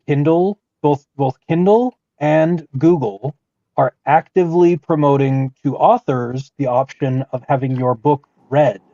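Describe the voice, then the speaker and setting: A man's voice: a little high, a little slow, warm tone, dry recording, muffled recording. A man co-hosting a podcast, talking casually and opinionatedly, with frequent restarts. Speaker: podcast co-host.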